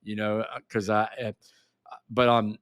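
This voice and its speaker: A man hosting an interview over a call, talking in a friendly, relaxed way. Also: fairly low pitch, measured pace, smooth, no room sound, clean studio sound. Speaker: host. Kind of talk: casual interview talk. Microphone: remote call.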